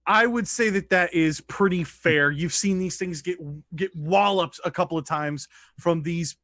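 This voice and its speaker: A man runs a tabletop game as its dungeon master, his voice pitched high. The sound is dry and close, like a streamer's desk mic. He narrates combat with lively, descriptive flair and quick asides. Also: no room sound.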